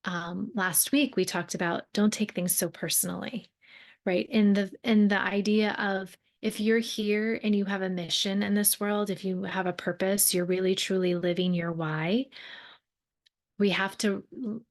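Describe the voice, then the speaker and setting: A woman's voice: mid-range voice, steady tone, a little slow. A young adult woman hosting a solo podcast, speaking earnestly and conversationally, often rephrasing herself and using fillers as she talks. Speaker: podcast host and mentor. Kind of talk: reflective solo podcast talk.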